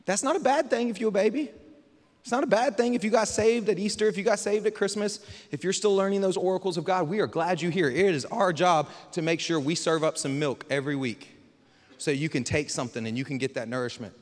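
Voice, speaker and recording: A man's voice: high voice, fairly quick, in a large hall. A man preaching a casual, joking sermon as pastor and calling on the crowd for amens. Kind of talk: lively sermon.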